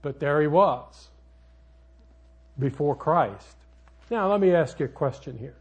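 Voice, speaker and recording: An older man preaching a sermon as a pastor, folksy and rambling, with sudden loud outbursts in his storytelling. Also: a little high, expressive, unhurried, slightly rough.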